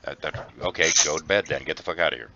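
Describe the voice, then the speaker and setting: A man's voice: extremely low pitch, quick pace. A man hosting a casual late-night voice chat, loose, crude and joking. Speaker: host. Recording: dull lo-fi voice chat with faint noise.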